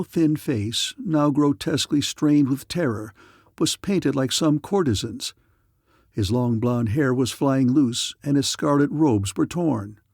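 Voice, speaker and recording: A man's voice: medium pitch, creaky, darkish tone, no room sound, clean studio sound. Man narrating a sci-fi audiobook. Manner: dramatic, measured storytelling.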